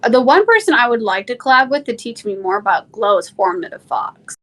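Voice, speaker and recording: A woman chatting as an interview guest, talking quickly and laughing easily. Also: fairly high pitch, sing-song, fairly bright tone. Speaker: guest, content creator. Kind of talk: casual interview chat.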